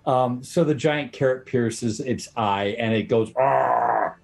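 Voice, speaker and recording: A man's voice: mid-range voice, unhurried, darkish tone, soft background music. A man running a tabletop game as game master, chatty and teasing the players while he explains rules.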